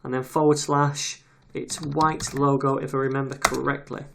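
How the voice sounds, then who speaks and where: Easygoing male tutor voicing a screen recording, relaxed and chatty, keyboard clicks underneath. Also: mid-range voice, moderate pace, gravelly. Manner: casual, chatty, reads details aloud while typing. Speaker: web development tutor. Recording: audible keyboard typing noise. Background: keyboard clicks and typing.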